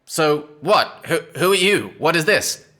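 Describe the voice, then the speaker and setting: A man's voice: a little high, very animated, unhurried, sharp tone, voice pushed up, exaggerated voice. A man voicing a haggard old woman in a tabletop game; she grumbles and brushes people off with exasperation. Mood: suspicious.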